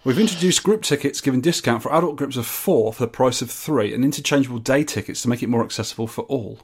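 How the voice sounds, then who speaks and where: Bloke co-hosting a podcast, rambly and jokey, middle pitch, casual chat. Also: male voice, fast, husky. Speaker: podcast co-host. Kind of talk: casual chat, reading out event news.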